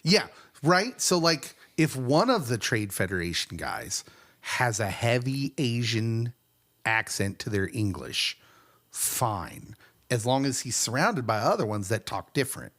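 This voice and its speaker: Male podcast co-host, lively pitch, casual chat, quick to laugh. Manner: animated, laughs often.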